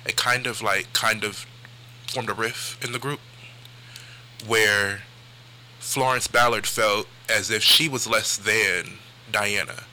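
A man's voice: on the low side, steady tone, slow pace, pushed and bright, slight background noise, rough recording. A man talking as a music historian guest on a radio show, hesitant and using fillers. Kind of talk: radio interview answers. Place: radio studio.

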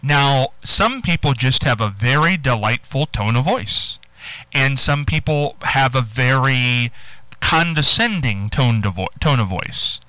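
A man's voice: medium pitch, animated, unhurried, pushed and bright, no echo, poor audio. A man hosting a call-in radio show, chatting in a rambling, emphatic way. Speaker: radio host.

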